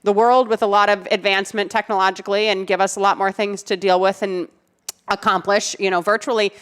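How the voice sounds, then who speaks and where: A woman's voice: mid-range voice, flat delivery, brisk, a bit bright, smooth. A woman co-hosting a podcast, giving firm, emphatic advice in a casual chat full of "you know"s. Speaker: podcast co-host, dog trainer.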